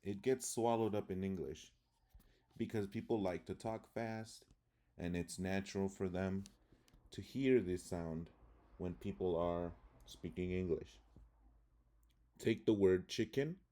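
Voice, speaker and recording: A man teaching English pronunciation, reading word lists deliberately one by one and explaining calmly. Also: low voice. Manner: deliberate, reads words one by one.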